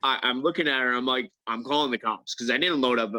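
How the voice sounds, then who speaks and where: A man telling a story in casual chat, animated and stammering, acting out the other people's lines. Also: mid-range voice, quick pace, dry recording, rough recording. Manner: animated, acts out quoted voices, stammers and restarts. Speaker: MMA fighter guest.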